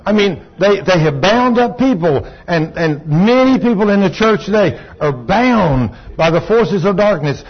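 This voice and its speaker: A man with a slightly high, husky voice preaches a sermon in a fervent, folksy storytelling style. The lo-fi recording sounds dull, and a congregation can be heard saying amen.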